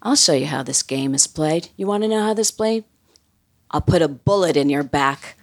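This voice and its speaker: A woman voicing an agitated, belligerent elderly man who yells and threatens at a card table. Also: low-pitched, expressive, moderate pace, slight background noise. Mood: menacing. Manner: yelling, indignant, threatening. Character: agitated old male poker player, belligerent.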